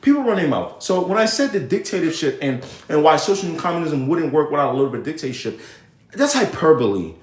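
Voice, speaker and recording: Man, young adult, from Nigeria, livestream host, rambling, self-interrupting, slightly high voice, roomy echo. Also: very animated, fast talker. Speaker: live show host. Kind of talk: casual livestream commentary. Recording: echoey room.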